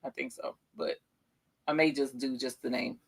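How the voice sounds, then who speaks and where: A woman in her forties hosting a casual craft live stream, gushing and exclaiming excitedly and talking straight to her viewers. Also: extremely low pitch, normal speed, vocal fry, slightly rough. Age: 40s. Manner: talks straight to viewers as "y'all". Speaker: craft show host.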